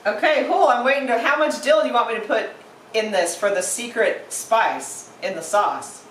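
A woman's voice: a little high, echoey room, recorded from a distance, slight background noise, low-quality recording. A woman hosting a casual cooking demonstration, chatty and playful as she talks through each step. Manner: chatty and playful, narrates steps aloud. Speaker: cooking show host.

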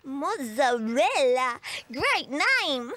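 A woman's voice: sits high, very animated, very slow, fairly bright tone, no echo, heavily acted. A woman voicing a chatty, playful, childlike character on a children's show, savoring words curiously.

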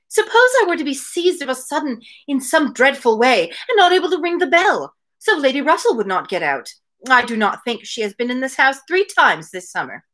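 A woman's voice: high-pitched, a bit bright, voice pushed up. A woman reading aloud and voicing a complaining, self-pitying young married woman. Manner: complaining, plaintive.

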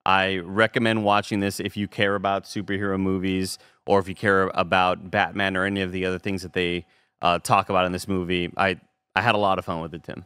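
Smooth-voiced laid-back man. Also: sits low, level tone, fairly quick, fairly bright tone, no echo. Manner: laid-back, rambling, swears casually. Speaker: podcast co-host. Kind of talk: casual movie review chat.

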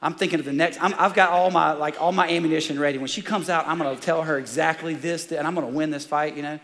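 A man preaching in a large church, his raised voice carrying a long hall reverb. He talks with fired-up, excitable energy and sits a touch high for a man. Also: fast. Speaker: pastor. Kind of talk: sermon.

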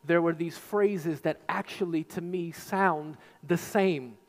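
Man, pastor, sermon, emphatic, repetitive, rising to shouts, echoing sanctuary. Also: a little high, takes it slowly. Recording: long reverb of a large hall.

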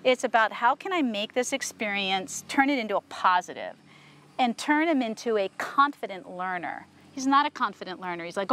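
A woman horse trainer working a horse outdoors, explaining to viewers and softly praising the horse as she goes. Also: medium pitch, expressive, normal speed. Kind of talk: instructional training video.

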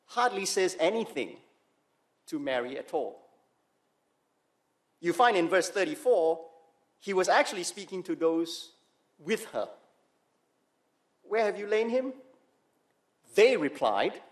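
Male pastor preaching, high-pitched, emphatic, pauses for weight. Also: big pitch swings. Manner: emphatic, slow dramatic pauses on key words; rhetorical questions to the congregation. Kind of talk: sermon.

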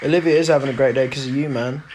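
A man's voice: medium pitch, fairly even intonation, racing, over a noisy crowd. A young man hosting a casual band live stream, joking and reading out fan comments. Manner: chatty, jokey, reads out fan comments.

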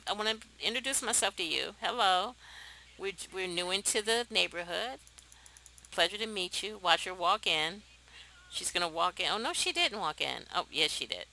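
A young woman hosting a let's play, chatting to viewers in a chatty, excitable way and laughing often. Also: medium pitch, normal speed, low-quality recording. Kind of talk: casual gameplay commentary.

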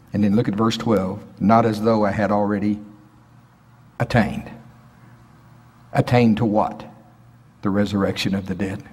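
A husky male preacher delivers a sermon in a sanctuary, reading scripture and then building to emphatic, climbing peaks. His voice carries a long, ringing hall reverb. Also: medium pitch, a little mellow. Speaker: pastor. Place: prayer center sanctuary.

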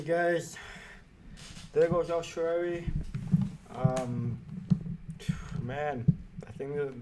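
A man commentating a game pack opening, frustrated and swearing, erupting into shouts now and then. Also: medium pitch, very noisy. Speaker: gaming YouTuber.

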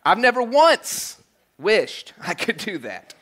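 A male pastor preaching a sermon in a church, animated and joking, with frequent asides like "okay?" and "right?". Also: high-pitched, slow pace. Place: church sanctuary.

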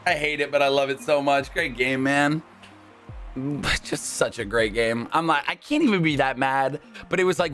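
During a gaming video, a male host gives live commentary on the gameplay, excitable and swinging between relaxed chatter and high-pitched yelps.

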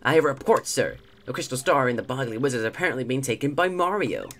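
A man doing a squeaky panicky henchman. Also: animated, fast talker, fairly bright tone. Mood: anxious.

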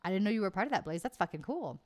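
A woman's voice: mid-range voice, sing-song, rapid-fire. A woman hosting a livestream, chatting casually and reading live comments, bubbly, swearing freely and laughing often. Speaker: livestream host.

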